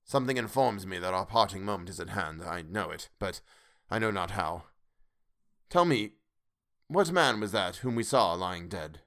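An anxious old miser pleads in grave, measured words, as a man reading the story puts him on. His voice sits low, close to the reader's own. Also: expressive, a bit bright. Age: older.

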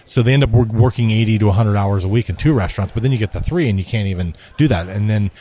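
A man's voice: lowish voice, fast talker, mellow. A man who runs a restaurant tech company, talking in a casual interview, rambling and repeating himself, often tagging "right?".

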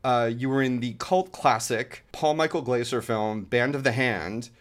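A man's voice: mid-range voice, moderate pace. Chatty male podcast host. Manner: chatty, laughs easily. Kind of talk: interview questions.

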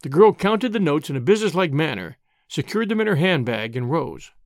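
A man narrating an audiobook with expressive storytelling. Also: on the high side, a little fast, dry recording, clean studio sound. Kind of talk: scripted narration.

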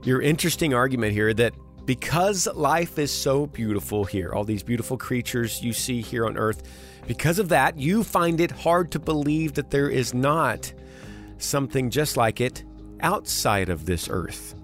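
A man's voice: medium pitch, lively intonation, normal speed, faint music behind. A man hosting a late-night radio show, reading news and answering callers in an earnest, folksy way. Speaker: radio host.

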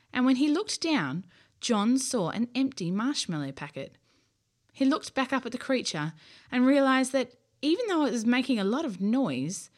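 Expressive woman reading a bedtime story. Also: fairly high pitch.

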